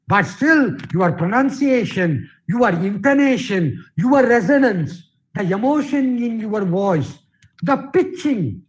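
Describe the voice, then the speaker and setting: Middle-aged guy, slow unhurried lecture on voice, keeps repeating himself and saying you see. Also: very high-pitched, low-quality recording. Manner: repeats phrases, says "you see" often. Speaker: guest speaker, theatre director and English professor. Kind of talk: workshop lecture on voice training.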